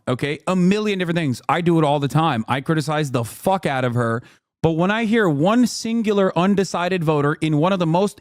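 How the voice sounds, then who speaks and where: Exasperated, high-pitched male streamer ranting. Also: no room sound, clean studio sound. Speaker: political streamer. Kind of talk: live reaction commentary.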